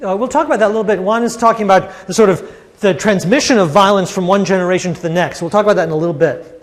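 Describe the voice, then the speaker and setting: A man giving a university lecture in a classroom, animated and acting out the quoted voices. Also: sits high, rapid-fire, in a large hall. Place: lecture hall.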